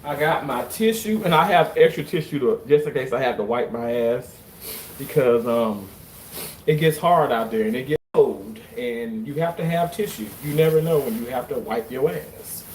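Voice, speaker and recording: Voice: medium pitch, animated, normal speed, slight background noise. A livestreamer ranting comically, joking and swearing, with mock-tearful theatrics. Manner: swears freely. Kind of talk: comedic livestream rant. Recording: roomy, distant from the mic.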